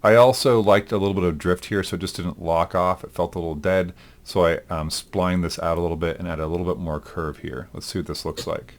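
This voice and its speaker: A male animation instructor in a recorded lecture, talking through his work aloud in a relaxed way, with frequent ums. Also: deep voice, fairly quick, slight background noise. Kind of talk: recorded lecture demonstrating software.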